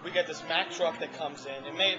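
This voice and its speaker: A man with a fairly high voice tells his story over dinner, animated and acting out the people he quotes. The audio is dull and lo-fi, and loud restaurant music plays behind him. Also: brisk. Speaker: former ambulance responder telling his story. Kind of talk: casual storytelling to a small group.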